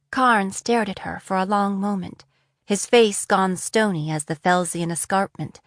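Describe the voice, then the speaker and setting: A woman's voice: mid-range voice, a little slow, no room sound, clean studio sound. Woman narrating a fantasy audiobook.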